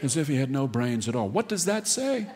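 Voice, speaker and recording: A man telling a wry, deadpan story in an unhurried live storytelling monologue. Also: mid-range voice, a little hiss or hum. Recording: long reverb of a live hall.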